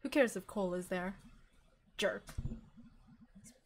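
A woman's voice: mid-range voice, slow, a little hiss or hum. A woman voicing an anxious, self-deprecating young woman who mutters in a mopey, sarcastic way. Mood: sulky.

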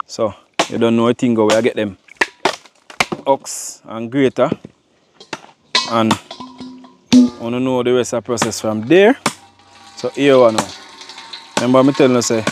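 A man's voice: mid-range voice, background noise. Man talking viewers through cooking outdoors. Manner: chatty, addresses viewers directly as "my people". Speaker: cooking vlogger. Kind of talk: casual cooking demonstration.

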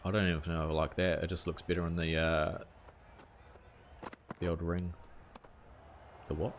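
A man's voice: low voice, flat delivery, normal speed, a little hiss or hum. A young man chatting casually to viewers on a live game stream, easygoing and full of questions. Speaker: gaming streamer.

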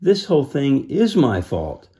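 A man voicing a frightened young boy with secret magic powers, speaking high, loud and pleading. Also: huge pitch swings, unhurried. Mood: distraught.

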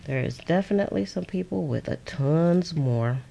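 A woman's voice: sits low, expressive, normal speed, gravelly, dark tone, a little hiss or hum. A woman hosting a crafting livestream from her desk at home, chatting casually, laughing often and answering viewers' comments. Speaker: crafting channel host.

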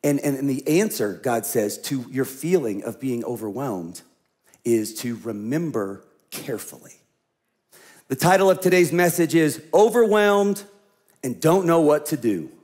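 A man, a senior pastor, preaching a sermon in an animated storytelling manner, often dropping to a hushed, slow voice for emphasis. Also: mid-range voice.

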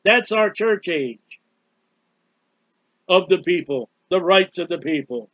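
A man's voice: high voice, animated, takes it slowly, fairly bright tone, dry recording. A man preaching a fiery sermon, scolding and mocking his listeners. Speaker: street preacher. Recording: dull, dry lo-fi recording.

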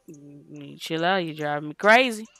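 A woman's voice: deep voice, measured pace, a bit bright, soft background music, voice pushed down. A woman voicing a careless, overwhelmed teen mother in a life-simulation game, talking in a dismissive, impatient way.

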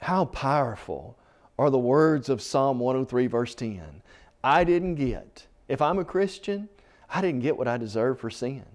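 Impassioned preacher man with lively pitch. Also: measured pace. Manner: impassioned, swelling emphasis on scripture; addresses listener as friend. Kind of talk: televised sermon.

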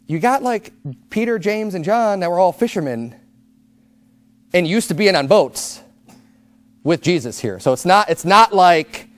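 A man's voice: high-pitched, animated, moderate pace, dry recording. A male pastor preaching a sermon in a conversational, emphatic way, often repeating words as he goes.

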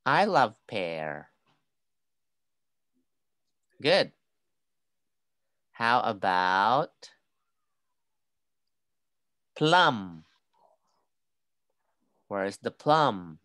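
A woman teaching an online phonics class to a young child, modelling words slowly and clearly and praising each answer. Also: very deep voice, very animated, fairly bright tone, dry recording, clean studio sound.

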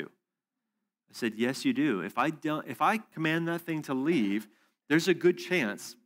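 A man preaching at a conference session, telling a story in an animated way and acting out both sides of a conversation. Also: medium pitch. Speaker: conference speaker. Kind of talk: storytelling sermon. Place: church hall or conference room.

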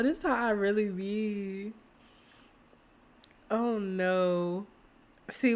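A woman, chatting excitedly to viewers while playing a life-sim game. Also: medium pitch. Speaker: gaming streamer. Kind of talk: casual let's-play commentary.

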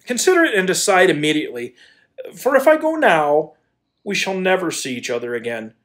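An actor in a community audio play playing a hot-tempered landowner who stammers and then bursts into pleading declarations of love. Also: male voice, high voice, sing-song, fairly quick, a bit bright. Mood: passionate. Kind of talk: amateur radio play acting.

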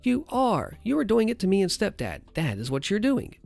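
A man's voice: sits high, huge pitch swings, moderate pace, gravelly, darkish tone, no echo, pitched above the performer's own voice, full character voice. A man voicing an angry middle-aged mother in a story reading, indignant and accusing, repeating herself.

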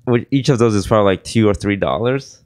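A man's voice: fairly low pitch, fast, a little mellow, no echo. A young man hosting a casual podcast who is losing his voice, rambling and self-deprecating as he slips in ad plugs. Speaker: podcast host.

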